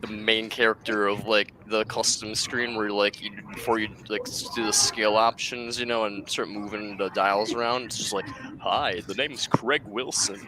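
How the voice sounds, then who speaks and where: A man's voice: on the low side, flat delivery, normal speed, few pauses. A man from Wisconsin with an Upper Midwest American accent, chatting casually, laughing often and rambling between jokes and explanations. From Wisconsin, United States. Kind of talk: casual debate chat. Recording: loud background noise.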